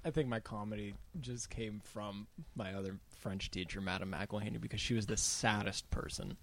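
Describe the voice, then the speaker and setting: A man's voice: on the low side, fairly even intonation, normal speed, fairly bright tone. Rambling storyteller man from Ohio. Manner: rambling storyteller, laughs through his stories. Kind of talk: casual chat.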